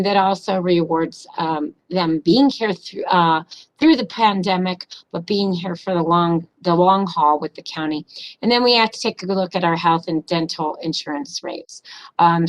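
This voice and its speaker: A woman presenting budget figures to county commissioners at a public meeting, businesslike, hurried, with frequent ums and uhs. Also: fairly low pitch, poor audio.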